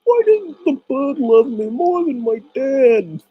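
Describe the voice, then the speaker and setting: A man voicing a whiny, childish male vampire artist in a very high voice. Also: big pitch swings, takes it slowly, slightly rough, muffled recording, heavily acted. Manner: whining, hurt, pleading.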